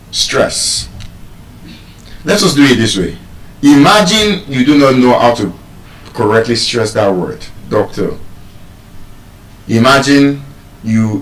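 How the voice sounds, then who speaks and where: A man from Nigeria teaching a lesson on word stress to public speakers, measured and repetitive, asking his listeners questions as he goes. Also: medium pitch, fairly bright tone. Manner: measured, repeats key points, asks the audience questions. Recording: roomy echo, speaker far from the mic.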